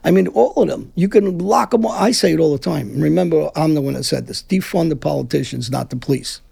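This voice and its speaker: This middle-aged guest from Brooklyn spars in a heated interview, speaking bluntly and rambling with frequent restarts. He talks a little fast on the high side, sounding expressive, gravelly and warm with a breathy edge.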